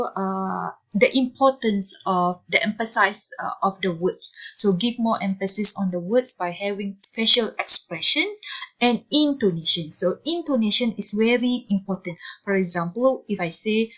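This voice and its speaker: A woman's voice: medium pitch, measured pace, rough recording. A woman giving a recorded university lecture, speaking hesitantly with many fillers.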